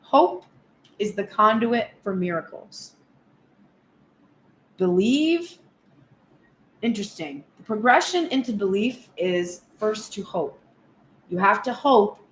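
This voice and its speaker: A woman giving a frank, animated tarot reading in a casual spoken style, swearing now and then. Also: medium pitch, slow, long pauses, roomy sound, a little hiss or hum. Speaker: tarot reader.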